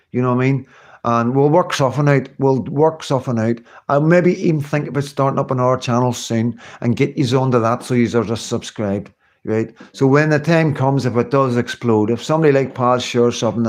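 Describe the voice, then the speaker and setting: A man talks straight to his viewers on a live stream in an unscripted, rambling way, circling back over the same points. He sounds earnest, swears casually, and breaks off to answer their comments. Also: medium pitch. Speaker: livestream host.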